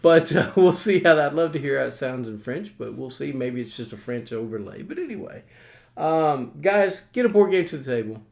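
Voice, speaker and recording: A man's voice: on the high side, expressive, fairly quick, gravelly, few pauses, a little mellow. Folksy country-accented man hosting. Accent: American Southern rural. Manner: folksy, rambling with many uh fillers. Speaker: host. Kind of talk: casual chat.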